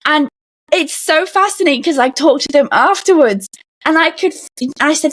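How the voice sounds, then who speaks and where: A woman guest on a podcast, telling stories in a lively way and acting out the voices of the people in them. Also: high voice, moderate pace, no room sound. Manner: animated storyteller, acts out quoted voices. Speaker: podcast guest, comedian and author. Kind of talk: casual interview talk.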